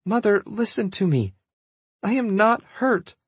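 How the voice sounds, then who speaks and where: A man voicing a defiant young shifter princess in an audiobook, talking firmly with a husky voice. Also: a little high, lively intonation, moderate pace, no room sound. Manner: firm, defiant, rising to outrage. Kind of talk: audiobook character voice.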